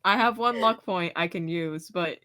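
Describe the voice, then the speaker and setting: A woman playing a tabletop horror game, swearing and asking quick questions. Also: fairly low pitch, bright, forceful tone. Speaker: player. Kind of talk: casual game chat.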